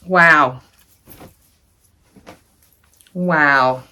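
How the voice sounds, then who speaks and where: A woman sewing vlogger talks casually to her viewers. Her voice sits a little low, and she gushes over what she shows, now and then dropping to a soft whisper. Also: unhurried. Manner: gushing, chatty, drops into soft whispers. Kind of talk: casual unboxing chat to camera.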